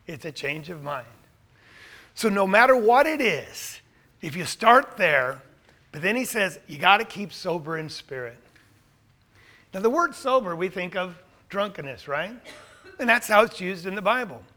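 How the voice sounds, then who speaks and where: A middle-aged pastor preaching a sermon, animated and full of rhetorical questions. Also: male voice, sits high, a little slow.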